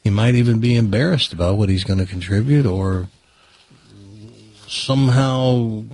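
Husky joking male talk radio host. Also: lowish voice, normal speed, darkish tone. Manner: joking, teasing banter. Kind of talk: casual radio chat. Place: radio studio. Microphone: studio microphone.

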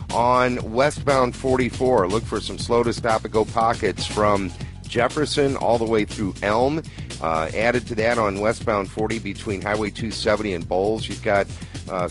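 A man giving a matter-of-fact radio traffic report, briskly listing crashes and slowdowns. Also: fairly low pitch.

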